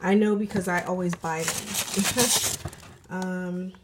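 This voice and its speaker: A woman's voice: on the low side, steady tone, takes it slowly, heavy background noise. A woman unboxing jewelry in a casual vlog, gushing and thankful, at home in her apartment. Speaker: jewelry vlogger. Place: apartment with a train passing outside. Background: faint passing train.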